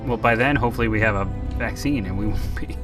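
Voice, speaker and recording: A man hosting a casual film podcast, blunt and quick to laugh, swearing freely. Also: on the low side, over music. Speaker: podcast host.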